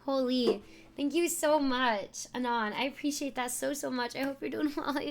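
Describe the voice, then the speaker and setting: A woman's voice: high-pitched, normal speed. A young woman streaming live, laughing often as she exclaims and thanks her viewers.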